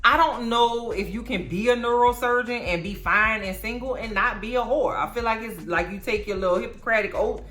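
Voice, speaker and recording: A woman giving a casual, sassy movie recap, slangy and animated as she tells the story. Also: a little high, a little fast, hardly any pauses, roomy sound. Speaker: YouTube film recapper.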